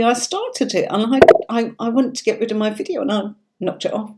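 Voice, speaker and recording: The recording is very noisy; a woman with a slightly high voice and lively intonation talks at normal speed with few pauses. A tarot reader from Yorkshire with a neutral standard British accent, she hosts a livestream reading in a chatty, reassuring way, checking in with listeners often.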